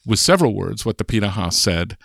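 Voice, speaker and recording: A man's voice: on the low side, sing-song, a little fast, creaky, fairly bright tone, dry recording, studio quality. An older American man, a linguist, explaining ideas in a podcast interview, thoughtful and chatty with restarts. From United States. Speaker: linguist guest.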